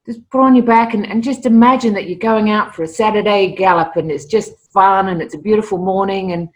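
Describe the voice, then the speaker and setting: A middle-aged woman, a guest telling stories in a casual interview, lively and often repeating words as she starts a sentence. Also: medium pitch. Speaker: interview guest, animal communicator.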